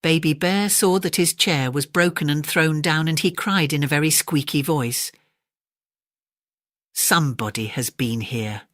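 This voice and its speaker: A woman with an English accent gently narrating a bedtime story audiobook. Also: deep voice, dry recording, clean studio sound. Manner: gentle, measured.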